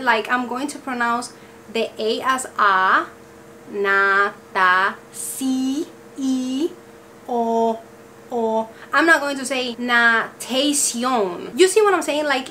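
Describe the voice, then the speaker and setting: Woman, Spanish accent, high voice, emphatic vlog rant, faint background hiss. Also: animated, normal speed, pushed and bright. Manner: emphatic, exasperated, keeps checking in with "okay?". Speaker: vlogger. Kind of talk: casual talking-to-camera rant.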